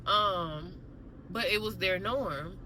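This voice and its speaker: A woman vlogger casually telling a story straight to her viewers, animated and conversational. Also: mid-range voice, slow pace, slight background noise, rough recording.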